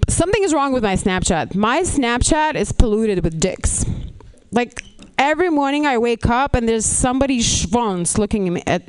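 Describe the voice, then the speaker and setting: A woman with a Russian accent, in her thirties, performing a stand-up comedy set with deadpan punchlines and a gruff put-on voice for jokes. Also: a little high, dry recording, poor audio. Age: 30s.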